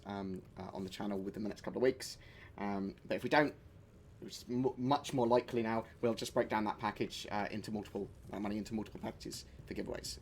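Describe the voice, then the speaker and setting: A man livestreaming a game, chatting casually, joking and swearing at it while answering chat. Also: medium pitch. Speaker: game streamer.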